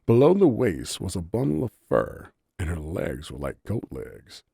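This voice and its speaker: A man narrating an audiobook story in a low-key, softly spoken manner. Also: huge pitch swings, measured pace, creaky, slightly rough, no room sound, clean studio sound.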